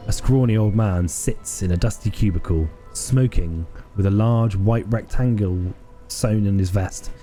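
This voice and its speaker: A man's voice: lowish voice, unhurried, dark tone, faint music behind. A man reading a video game aloud, narrating the scene and speaking the hero's lines hesitantly. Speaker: game streamer.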